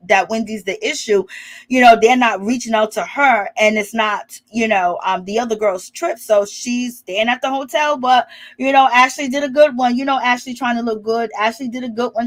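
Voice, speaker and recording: A woman doing a casual, sassy reality show recap, chatty and quick to laugh. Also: fairly high pitch. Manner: sassy, chatty, peppers lines with "okay?" and "child"; laughs often.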